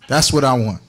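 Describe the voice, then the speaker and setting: A man's voice: medium pitch, a bit bright. Playful, laughing male preacher. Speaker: congregation teacher. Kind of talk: joking sermon talk.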